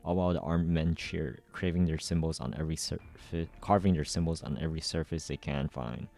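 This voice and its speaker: A man's voice: a bass voice, a little fast, gravelly, darkish tone, soft background music. A man reading a frightened young schoolgirl fleeing a burning city, in a tense inner monologue. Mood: shaken. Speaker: reader. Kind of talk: amateur story readthrough.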